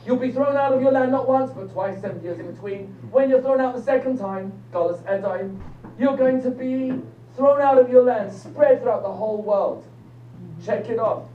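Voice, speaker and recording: Older man, lively lecture, audience questions, distant phone recording, roomy echo. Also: very high-pitched, moderate pace. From England. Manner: lively, quizzes the audience, jokes. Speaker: rabbi lecturer. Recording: distant, echoey, dull phone recording with faint hum.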